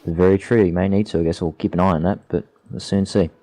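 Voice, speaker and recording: Aussie male co-commentator, very low voice, chatty and laughing. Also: fairly even intonation, quick pace, dark tone. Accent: Australian. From Australia. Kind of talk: casual race commentary.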